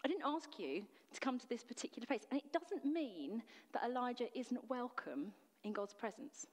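A woman's voice: fairly high pitch, lively intonation, normal speed, big-room sound. A woman preacher delivering a sermon in an earnest, emphatic way, full of rhetorical questions. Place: church.

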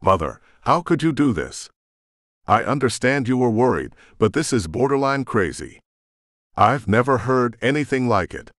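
A man's voice: medium pitch, sing-song, moderate pace, a bit bright, no room sound, studio quality, voice pushed up. A man voicing an anguished young witch woman, bitter and accusing toward her mother, in an audiobook. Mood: hurt, angry.

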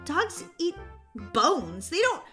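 A woman's voice: very high-pitched, huge pitch swings, slow, sharp tone, faint music behind, full character voice. A woman voicing Daisy, a bossy young girl who lectures and scolds. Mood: scolding. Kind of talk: animated roleplay voice acting.

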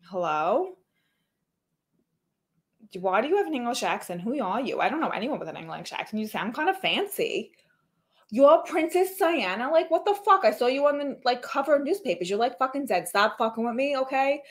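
A woman's voice: fairly high pitch, big pitch swings, normal speed, voice pushed up. A woman voicing a brash, foul-mouthed young esthetician from Queens with a New York accent, filling her talk with "like". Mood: bossy. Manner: loud, swearing, says "like" constantly.

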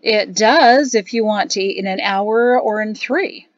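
A woman's voice: mid-range voice, animated, normal speed, no echo, muffled recording, natural voice. A woman voicing a bored, condescending older doorman who intones his words, in a storybook reading. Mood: bored haughty.

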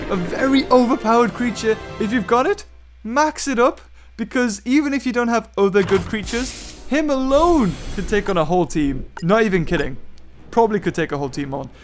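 A man giving excited play-by-play commentary on a mobile game battle. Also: extremely high pitch. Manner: enthusiastic, play-by-play like a sportscaster. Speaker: gaming YouTuber.

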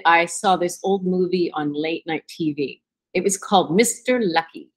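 A woman reading a play aloud as a wry narrator who recalls a childhood movie, in measured storytelling. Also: mid-range voice, a bit bright, poor audio. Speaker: reader in a readers theatre. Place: room with a small live audience.

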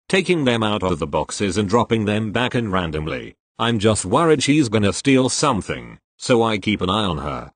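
A man reading online posts aloud as storytelling, in a wry, expressive manner. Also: on the low side, dry recording.

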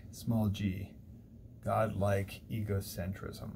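A man's voice: fairly low pitch, level tone, slow pace, vocal fry, a little mellow, a little hiss or hum. A man lecturing on a classic poem, conversational and digressive, thinking aloud with small restarts. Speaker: literature lecturer. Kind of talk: recorded university lecture. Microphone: single mic, recorded lecture.

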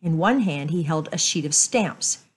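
A woman storyteller reading a book aloud in a slow, measured way. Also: deep voice, lively intonation, husky, rough recording.

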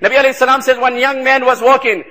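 A man's voice: very high voice, little pitch movement, very fast, pushed and bright. A man preaching an impassioned sermon, emphatic and repeating phrases for stress.

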